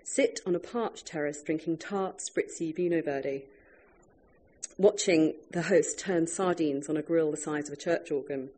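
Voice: medium pitch, a little slow, a little mellow. An author reading their own food writing aloud to a live audience, wry and breaking off now and then for chatty asides.

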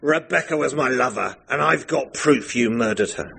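A man's voice: mid-range voice, normal speed, gravelly, bright, forceful tone, breathy edge, pitched above the performer's own voice, exaggerated voice. A man voicing a sneering cad who drawls and slurs his words. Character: sneering, slurring male cad.

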